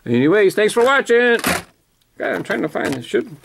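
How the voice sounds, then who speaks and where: Gravelly-voiced man chatting about collectibles. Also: high-pitched, big pitch swings, normal speed, background noise. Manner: chatty, self-correcting, enthusiastic about details. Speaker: toy car collector vlogger. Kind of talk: casual unboxing commentary.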